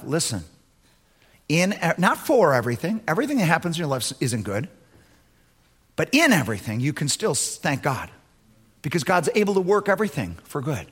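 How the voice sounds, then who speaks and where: A man preaching a sermon as pastor, swinging between loud emphatic lines and low, quiet asides. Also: very animated, moderate pace, long pauses, slightly rough.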